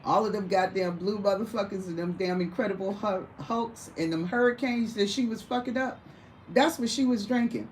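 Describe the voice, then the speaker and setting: A woman's voice: mid-range voice, moderate pace, a little hiss or hum, poor audio. A woman telling a rowdy, profane story in casual conversation, often breaking into laughter. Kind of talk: casual storytelling to a small audience.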